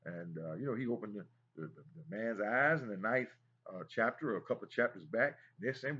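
A man's voice: fairly low pitch, lively intonation, a little fast, pushed and bright, breathy edge, dull audio. A man teaching a Bible study in an emphatic preaching style, repeating phrases and exclaiming as he goes.

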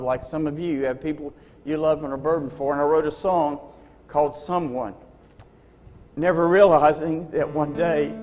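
A man's voice: on the high side, darkish tone, big-room sound, poor audio. A man giving his earnest, folksy testimony between songs at a church concert, with fervent peaks. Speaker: gospel singer giving testimony. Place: church sanctuary.

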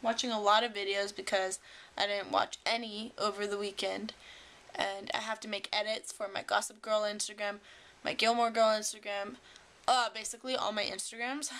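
A woman's voice: medium pitch, gravelly, a bit bright. A young woman vlogging casually at home, telling a story in a chatty way with lots of fillers. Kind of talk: casual vlog chat. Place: at home indoors.

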